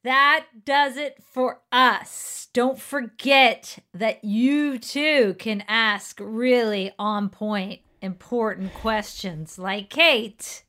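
A woman co-hosting a podcast in casual chat, an animated and playful storyteller who loves telling jokes. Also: fairly high pitch, drawn-out words, hardly any pauses. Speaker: podcast co-host.

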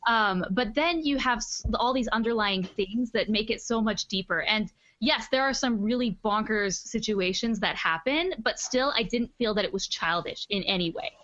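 Bright-voiced enthusiastic woman. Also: a little high, moderate pace, hardly any pauses, muffled recording. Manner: enthusiastic, rambling with restarts. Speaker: podcast co-host. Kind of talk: casual chat.

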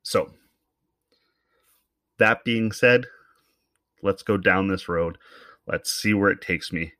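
A man from Canada delivers a solo comedic rant, talking in a fairly low voice. He swears freely and thinks aloud, circling his point before landing it. The sound is dry and close, with no room echo. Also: slow, bright, forceful tone. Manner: profane, rambling, thinking aloud. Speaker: commentator.

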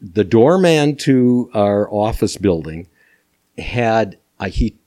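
An older man from Minnesota, a podcast guest telling animated anecdotes with chuckles. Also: lowish voice, takes it slowly. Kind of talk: storytelling interview.

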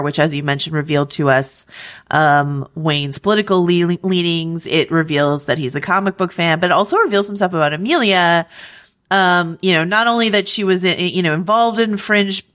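A woman co-hosting a podcast, chatting casually about a TV show with wry, quick asides. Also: on the low side, fairly bright tone. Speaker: podcast co-host. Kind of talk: casual TV recap discussion.

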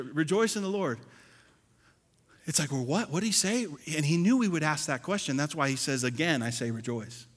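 A man preaching a sermon as pastor, animated, swinging between loud and soft and acting out churchgoers. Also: high voice. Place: church sanctuary. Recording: long hall reverb.

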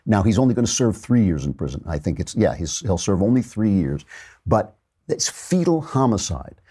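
A man's voice: fairly low pitch, big pitch swings, normal speed, dark tone, breathy edge. A man hosting a political talk show, giving sarcastic, mocking commentary.

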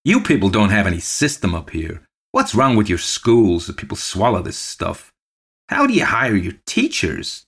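A man's voice: on the low side, wildly swooping pitch, normal speed, a bit bright, slightly rough, pitched above the performer's own voice, exaggerated voice. A man voicing a stern, humorless male government official who speaks curtly and austerely. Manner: austere, curt, sneering.

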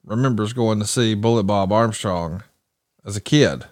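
A podcast host from the American South leads a casual chat, telling listeners old stories with enthusiasm. His voice is lowish and moves at a moderate pace, and his storytelling is informative. The clean studio sound has no echo.

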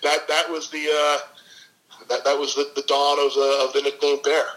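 A man as a guest sports analyst in a casual podcast interview, telling stories with quick, animated asides. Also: on the high side, low-quality recording.

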